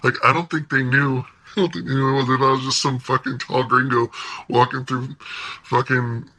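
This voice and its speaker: A man recounts a story from his own life in relaxed, profanity-laced vlog talk. His voice is strikingly bright and strained, with a husky, rough grain. He keeps the delivery animated and often breaks into laughter between lines. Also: mid-range voice, moderate pace, poor audio. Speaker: vlogger telling a personal story.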